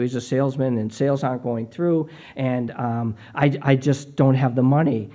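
A man's voice: mid-range voice, fairly even intonation, normal speed, few pauses, warm tone. A middle-aged man preaching a sermon, earnest and personal, often repeating words as he starts a phrase. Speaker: pastor.

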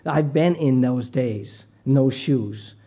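Earnest middle-aged male preacher, mellow voice. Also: mid-range voice, slow, dull audio. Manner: earnest, repeats words when starting phrases. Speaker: pastor. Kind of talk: sermon.

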